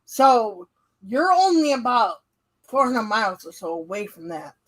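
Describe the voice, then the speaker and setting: A woman's voice: a little high, sing-song, measured pace, poor audio. A woman hosting an online interview, playful and giggly. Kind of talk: casual online interview chat.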